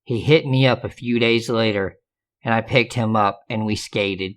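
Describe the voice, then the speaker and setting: A man's voice: on the low side, fairly even intonation, moderate pace, a bit bright. A man reading true scary stories aloud in a casual, profane, sarcastic way. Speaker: storyteller.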